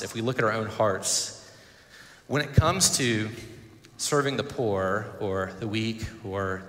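A male pastor preaching a sermon in an earnest way, pausing and repeating words as he goes. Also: fairly low pitch, sharp tone. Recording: echoey church hall.

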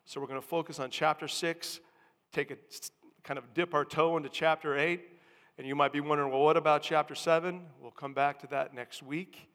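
A male pastor delivers a sermon, explaining step by step and pressing hard on key words. His voice sits a little high for a man. It rings out with the long reverb of a church hall. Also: steady tone, a little fast, bright, forceful tone. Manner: teaching, building emphasis on key words.

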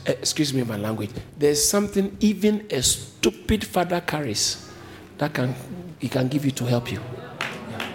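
A man preaching a sermon as a pastor, switching between low explanations and sudden high emphatic lines. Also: slight background noise. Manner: animated preaching, jumping to high emphatic pitch.

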